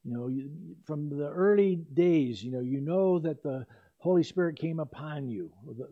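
A man's voice: on the high side, expressive, normal speed. An older man preaching an expository sermon as pastor, in a conversational way with asides and self-corrections. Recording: dull lo-fi recording.

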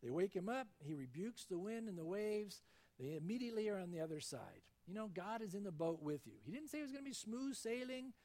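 A man with a notably high-pitched voice delivers a sermon. He reads scripture aloud and tells stories dramatically, his tone shifting expressively. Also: very animated, brisk, a little mellow. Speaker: pastor.

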